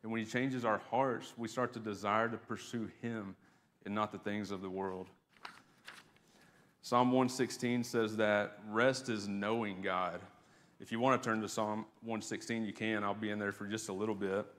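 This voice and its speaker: Male pastor, lowish voice, chatty preaching to the congregation, long church reverb. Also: fairly even intonation, normal speed, fairly bright tone. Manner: conversational preaching with fillers and repeated words. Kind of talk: sermon. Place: church sanctuary.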